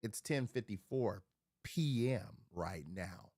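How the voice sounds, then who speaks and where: Drinking as he streams from home beside a refrigerator, a profane man rants animatedly and rambles in casual livestream chat, alternating loud outbursts with low mutters. He speaks slowly, and the audio is studio quality with no echo.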